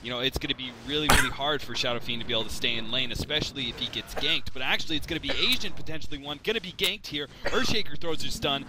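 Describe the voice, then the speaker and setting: A man's voice: mid-range voice, noisy background. A man commentating a video game match, rambling with lots of fillers and restarts. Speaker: esports commentator.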